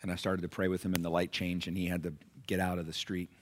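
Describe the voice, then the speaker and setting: A middle-aged man, a pastor, preaching a sermon that moves between quiet storytelling and loud, high-pitched exhortation. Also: completely flat delivery, fast, a little hiss or hum.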